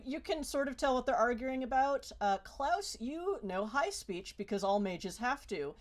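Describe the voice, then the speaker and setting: A woman narrating as game master of a tabletop role-playing game, rambling with many fillers and restarts. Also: high voice.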